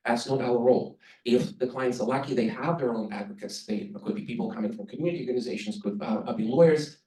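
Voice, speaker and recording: A man born in the Soviet Union gives an earnest conference presentation on interpreting, advising listeners as an instructor. His mid-range voice is dark in tone and fast-paced. Recorded in a conference room by a distant mic, the sound is roomy.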